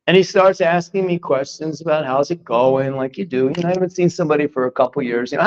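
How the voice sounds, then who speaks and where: A man's voice: on the high side, quick pace, few pauses. An older man from Philadelphia, a spiritual teacher telling a personal story in a class, acting out what he once said. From Philadelphia, United States. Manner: animated, acts out his own past lines. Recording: dull lo-fi recording.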